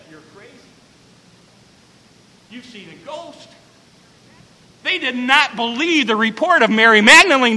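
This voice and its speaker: A male pastor preaching a sermon, emphatic, with dramatic repetition and bursts of shouting. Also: extremely high pitch, big-room sound, poor audio.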